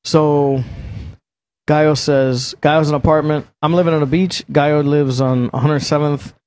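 A man's voice: fairly high pitch, steady tone, moderate pace, a little mellow. Rambling, profane man telling a story. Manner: profane, rambling, self-mocking. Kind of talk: casual chat, storytelling.

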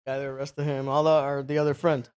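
A young man telling a rambling, profane story in casual chat, full of fillers and animated asides. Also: mid-range voice, fast, smooth.

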